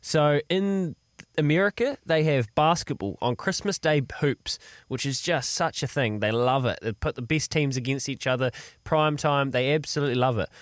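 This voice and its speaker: New Zealand radio sports host. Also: male voice, medium pitch, moderate pace, dry recording, clean studio sound. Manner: easygoing, asks short questions. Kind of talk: talk radio hosting.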